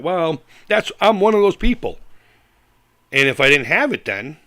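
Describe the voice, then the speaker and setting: A man's voice: a little high, very animated, moderate pace, a bit bright. A middle-aged man hosting a live chat stream, reading comments aloud and ranting with heavy profanity and frequent laughs. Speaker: livestream host.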